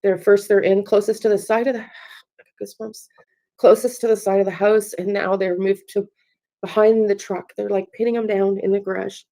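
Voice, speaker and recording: Woman, psychic medium, live channeling; halting, repetitive, slips into whispers, dark soft tone. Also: mid-range voice, little pitch movement. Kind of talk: live spirit-channeling session.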